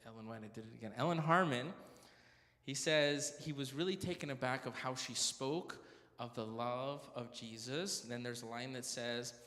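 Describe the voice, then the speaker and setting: This church speaker's mid-range voice moves at a moderate pace and sounds pushed and bright, trailing off into a long reverb. He's at a prayer meeting in a church hall, swapping stories with jokes and chatty self-corrections.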